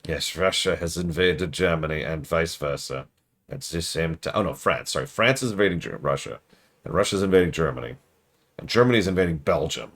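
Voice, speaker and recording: A man streaming a game review, rambling through jokey riffs with deadpan asides. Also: extremely low pitch, a little fast. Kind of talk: casual livestream commentary.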